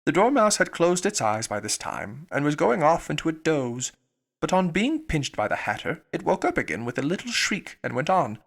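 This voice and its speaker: A man reading a children's classic aloud as an audiobook narrator, in calm storytelling. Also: on the high side, normal speed, vocal fry. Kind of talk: scripted narration.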